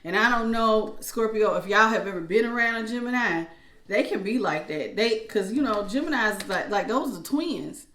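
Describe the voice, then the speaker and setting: Woman, tarot reader, casual, animated asides, mid-pitched, roomy echo. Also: normal speed, slight background noise. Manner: chatty, animated storytelling with acted-out asides. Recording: echoey room.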